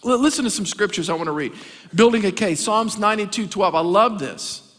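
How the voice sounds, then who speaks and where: A man's voice: high voice, fast talker, big-room sound. A man, a pastor preaching a sermon and telling stories with comic asides. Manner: animated storytelling with comic asides. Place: church sanctuary.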